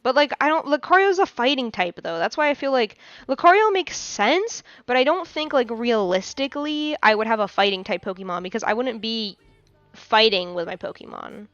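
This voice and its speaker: A twenty-year-old woman hosting a live chat, with a high voice and a playful, theatrical way of talking. She laughs often and slips into mock outrage. The sound is dry and a little dull. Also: expressive, moderate pace, a bit bright, no echo. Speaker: podcast host. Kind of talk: casual live-stream chat.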